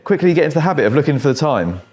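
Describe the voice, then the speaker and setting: A man's voice: a little high, big pitch swings, rapid-fire, a little mellow. An English man working as a barber, chatting and telling jokey stories to his client while cutting hair in a barbershop. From England. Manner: chatty, joking storyteller.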